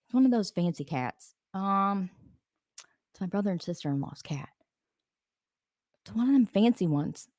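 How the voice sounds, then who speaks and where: A woman's voice: mid-range voice, lively intonation, normal speed, pauses often, a little mellow, dry recording, studio quality. Chatty woman hosting a live stream. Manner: chatty, reads out and answers viewer comments; laughs often, rambling asides. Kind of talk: casual live-stream chat.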